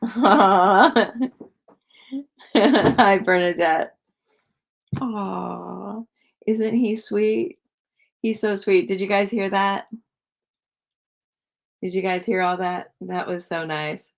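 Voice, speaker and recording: Woman psychic hosting a live stream, unhurried, on the lower side, loose rambling chat peppered with "like", keeps turning questions back to viewers. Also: fairly even intonation, gravelly.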